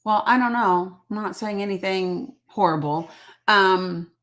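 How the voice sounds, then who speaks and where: A woman's voice: mid-range voice, a little slow, a bit bright. A middle-aged woman hosting a casual livestream from home on her phone, emphatic and chatty, repeating her points and greeting viewers by name. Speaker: livestream host.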